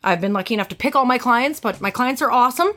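A woman who works as a hairstylist, telling a story on a podcast in a blunt, animated way and swearing freely. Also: fairly high pitch, quick pace.

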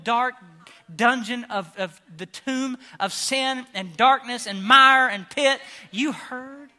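A man preaching a sermon with fervor, swinging from shouts down to hushed, quiet passages. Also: very high voice, slow. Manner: impassioned, rising to shouts and dropping to hushed tones.

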